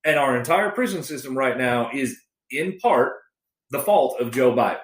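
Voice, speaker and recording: Texan male podcast co-host, fired-up profane rant, mid-pitch voice, roomy echo. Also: normal speed. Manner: animated, profane, many restarts. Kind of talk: casual political rant.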